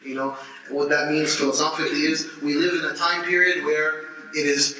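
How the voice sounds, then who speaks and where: A man in his thirties gives an animated lecture to students, often laughing and restarting his sentences. His voice is bright and slightly high. He is recorded from a distance in a large echoey hall. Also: normal speed. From United States. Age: 30s. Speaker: teacher. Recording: echoey hall, distant mic, faint noise.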